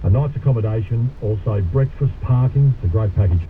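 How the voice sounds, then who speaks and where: Brief: male talk radio host, matey, mid pitch, tinny broadcast. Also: animated, fast talker, few pauses, a little hiss or hum. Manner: chatty, matey, casual Australian radio banter.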